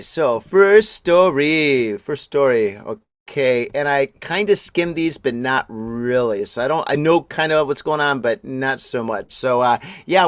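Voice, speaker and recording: A man in his forties hosting a podcast in a rambling, chatty way, exclaiming and laughing often, his voice a bit deeper while he recovers from strep throat. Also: no echo, clean studio sound. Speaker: podcast host. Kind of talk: casual podcast chat.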